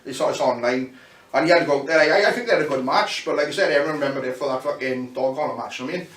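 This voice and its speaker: Male wrestler-promoter, fast, profane shoot-interview storyteller; roomy, off-mic sound. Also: medium pitch, a bit bright. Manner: rambling, heavy swearing, restarts, "you know what I mean". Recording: echoey room, mic at a distance, faint noise.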